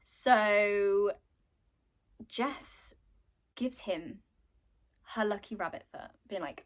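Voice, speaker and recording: A woman's voice: medium pitch, drawn-out words, long pauses. A young woman casually retelling a game's story in a chatty way, with lots of fillers. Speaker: content creator.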